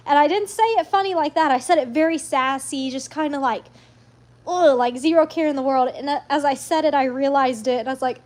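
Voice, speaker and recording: A woman's voice: high voice, fast talker, a little mellow. A woman hosting a casual live stream, chatting in a rambling way with sassy asides.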